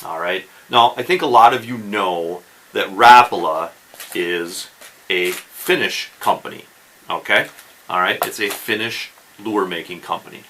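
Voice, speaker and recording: Male fishing host, low pitch, animated and forceful, casual how-to talk. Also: measured pace, slight background noise, rough recording. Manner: chatty, keeps checking in with "okay?" and "right?". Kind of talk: casual instructional talk to camera.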